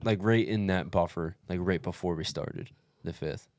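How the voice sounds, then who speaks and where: Speaking at a moderate pace in a low register, this podcast co-host tells the story of his race with plenty of profanity. He peppers it with dude and bro and acts out quotes from other people. It's studio-quality audio with no room sound.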